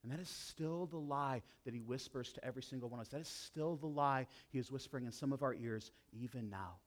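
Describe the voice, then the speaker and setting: A man preaching a sermon as a pastor, with dramatic swings between loud emphasis and hushed intensity. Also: mid-range voice, a little fast, hardly any pauses.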